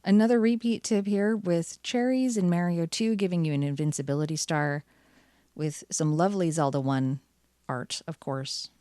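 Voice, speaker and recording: A woman's voice: lowish voice, steady tone, moderate pace, mellow, no echo, clean studio sound. A woman hosting her channel, chatting cheerfully through card packs with wry asides. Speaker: channel host. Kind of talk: casual card-opening commentary.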